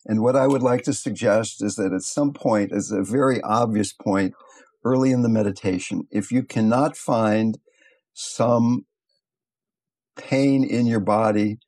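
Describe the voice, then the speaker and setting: An older man, a meditation teacher, giving a gentle, thoughtful talk and telling stories along the way. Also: lowish voice, measured pace. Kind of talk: reflective talk with storytelling.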